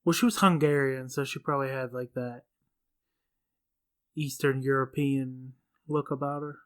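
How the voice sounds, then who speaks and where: A man's voice: medium pitch, moderate pace. A man in his thirties co-hosting a podcast, talking casually through a movie's plot and correcting details. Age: 30s. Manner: relaxed, corrects details, quotes film lines. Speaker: podcast co-host. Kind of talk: casual film recap chat.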